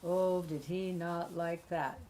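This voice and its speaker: A woman's voice: lowish voice, steady tone, slow, a crowd in the background. Chatty woman hosting a live stream. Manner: laughing, chatty, teasing. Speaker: host. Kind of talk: casual live-stream chat.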